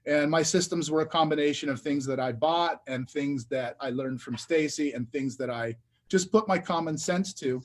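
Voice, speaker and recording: A man, a real estate investor, telling his story in a casual interview, animated and full of restarts. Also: a little high. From Detroit area. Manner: animated, lots of restarts and filler.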